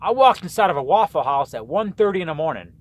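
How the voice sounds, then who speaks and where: A man's voice: a little high, lively intonation, fast. A man who drives a truck, ranting to camera in a rambling, repetitive way with many restarts. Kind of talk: casual rant to camera.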